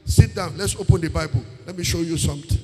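High-voiced Nigerian preacher in echoing hall. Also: male voice, steady tone, fast talker, warm tone. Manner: emphatic, repeats phrases, sings out words, mixes in Pidgin. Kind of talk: sermon. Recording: long reverb of a large hall.

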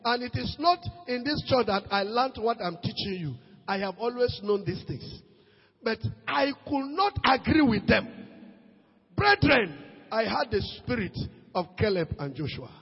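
A Nigerian man preaching a sermon as pastor, swinging between shouted peaks and low asides, slipping into Pidgin. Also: lively intonation, measured pace, slightly rough, long reverb tail, muffled recording. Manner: preaches with sudden shouted rises and quiet drops, mixes in Pidgin.

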